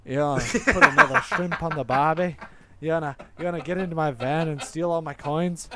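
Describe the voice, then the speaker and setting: Guy doing a cocky leprechaun with a fake aussie accent, a bit high, taunting. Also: a little fast, very noisy, natural voice. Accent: put-on Australian. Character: brash male Australian leprechaun.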